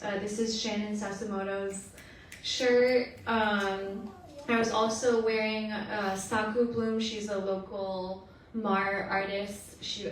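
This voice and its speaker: A woman's voice: mid-range voice, slight background noise. A young woman with a Californian accent, raised speaking Chamorro, answering candidly as a panelist in an indoor theatre. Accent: Californian American. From Northern Mariana Islands. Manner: candid, reflective, quick with fillers. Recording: echoey theatre from far off.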